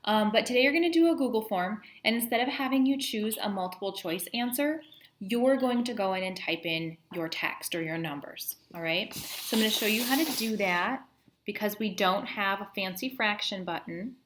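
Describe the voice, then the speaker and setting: A woman's voice: medium pitch, moderate pace, a little hiss or hum. A woman teacher patiently walking students through a math lesson, counting aloud step by step. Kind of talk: classroom math lesson video. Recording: echoey room.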